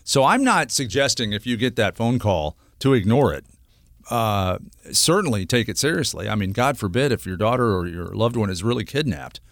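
A man's voice: lowish voice, very animated, moderate pace, no room sound, clean studio sound. Earnest rambling middle-aged radio host man. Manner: earnest, rambling with many restarts and fillers. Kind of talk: casual radio talk segment.

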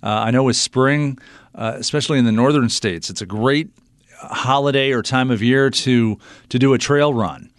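Male radio host, casual and filler-heavy, mid pitch, close dry mic. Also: normal speed, no room sound. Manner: relaxed, many fillers.

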